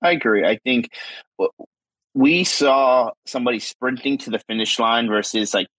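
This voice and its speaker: A man with a somewhat husky voice talks through ideas on a podcast, often restarting his sentences. He is recorded dry on a close mic. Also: medium pitch, moderate pace, a bit bright, dry recording, low-quality recording. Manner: thoughtful, rambling, frequent restarts. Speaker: podcast co-host. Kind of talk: casual podcast discussion.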